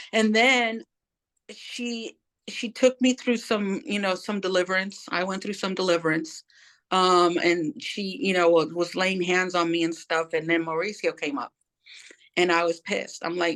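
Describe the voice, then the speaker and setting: A woman's voice: lowish voice, little pitch movement, moderate pace, a bit bright. A middle-aged woman speaking as an interview guest, telling her personal story candidly and acting out the voices of people she quotes in casual, slangy talk.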